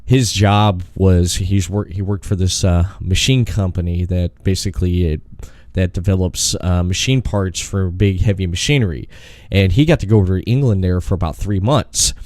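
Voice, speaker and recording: A man with a low voice hosts a casual interview podcast. He rambles through anecdotes, often pausing to laugh. The sound is dry, with no room echo. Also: darkish tone. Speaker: podcast host.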